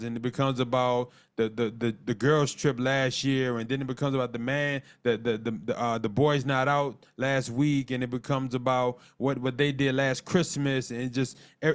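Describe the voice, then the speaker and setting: Earnest man teaching a marriage class. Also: mid-range voice. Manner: earnest, repeats words, dictates lists slowly and spells terms out. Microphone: call audio.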